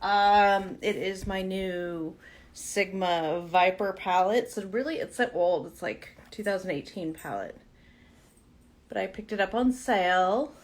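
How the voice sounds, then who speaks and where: A woman's voice: medium pitch, unhurried. A woman hosting a casual live Q and A from her vanity at home, chatting and laughing with viewers. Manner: chatty, laughs often, coos at her pet. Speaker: livestream host.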